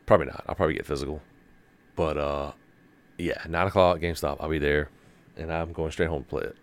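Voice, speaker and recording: A man's voice: a bass voice, fairly quick. A man co-hosting a casual gaming podcast, telling stories with energy and putting on voices when he quotes others. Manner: animated storyteller, slips into voices when quoting others. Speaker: podcast co-host.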